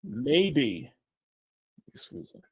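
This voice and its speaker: A man's voice: mid-range voice, very animated, very slow, breathy edge, dry recording. A man hosting a casual livestream while he draws, rambling and restarting his sentences, with frequent laughter. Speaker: livestream host.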